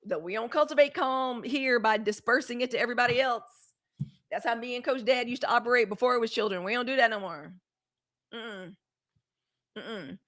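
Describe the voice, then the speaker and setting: Dramatic woman host, slightly high voice. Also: normal speed, a bit bright. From Mississippi, US. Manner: dramatic and extra, testifying. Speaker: host of a live news show. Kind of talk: casual livestream chat.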